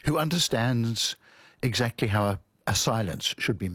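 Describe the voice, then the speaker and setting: Husky guy hosting a language radio show, thoughtful and measured, dry close sound. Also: mid-range voice, expressive, a bit bright, no echo. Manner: thoughtful, measured, hesitant restarts. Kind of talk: radio studio conversation.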